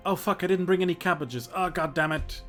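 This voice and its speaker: A man casually commenting as he plays a video game, joking, laughing and talking to himself. His voice sits a touch high for a man. Soft game music plays faintly under him. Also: fairly quick. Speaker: historian streaming a game.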